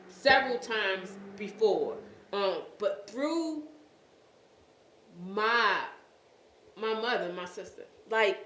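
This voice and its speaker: A woman hosting a faith-based talk show, speaking earnestly and often pausing to search for words. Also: mid-range voice, a bit bright, reverberant. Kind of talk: faith-based casual chat.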